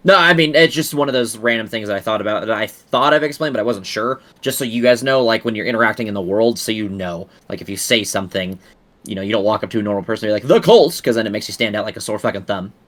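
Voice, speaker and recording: A man's voice: on the low side, fast, a bit bright. A man running a tabletop game as game master, explaining the setting in loose, rambling casual chat with the odd swear word.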